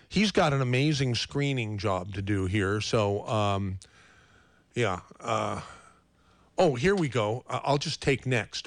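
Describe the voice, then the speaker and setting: A man's voice: medium pitch, dry recording. A man hosting a live call-in radio show, fumbling and repeating himself with self-mocking humor.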